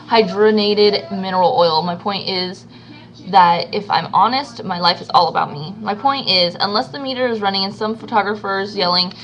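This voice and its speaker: A woman's voice: medium pitch, moderate pace, fairly bright tone, low-quality recording. A woman reading a novel aloud as an amateur reader, stumbling over words and restarting now and then.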